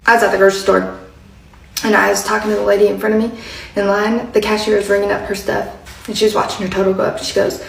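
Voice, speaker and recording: A woman's voice: mid-range voice, little pitch movement, fast, gravelly, reverberant, far from the mic, slight background noise, poor audio. A woman casually retelling a conversation, chatty, dropping to near whispers when she quotes someone. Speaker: political commentator. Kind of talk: casual storytelling monologue.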